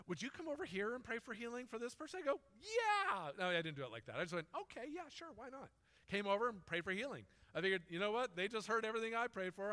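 A man's voice: high-pitched, pushed and bright, big-room sound. A man preaching a sermon in a conversational, storytelling way. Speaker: pastor.

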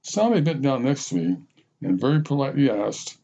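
A man reads his own story in the first person with wry, self-mocking humor, his pitch rising and falling a great deal. His voice is mellow and a little husky, on a slightly dull, lo-fi recording. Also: very animated, brisk. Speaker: podcast host and storyteller.

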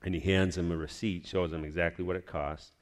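A man's voice: low-pitched, little pitch movement, fairly quick. A man giving a personal testimony to his church, telling a story in a rambling, heartfelt way.

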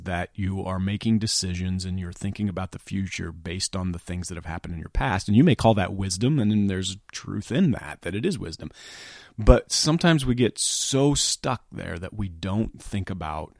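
A middle-aged man giving a reflective motivational talk, earnest and halting, often dropping to a soft near-whisper. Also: deep voice, animated, dry recording, clean studio sound. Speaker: speaker.

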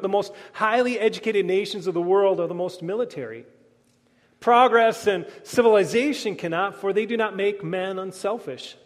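Male pastor, higher voice, earnest sermon delivery, reverberant sanctuary sound. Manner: earnest preaching that swells then drops to a hush.

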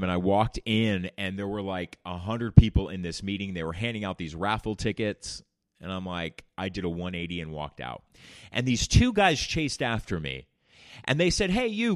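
A man with a voice on the low side hosts a podcast, openly recounting his recovery with blunt language and plenty of swearing. The recording is dry and studio quality.

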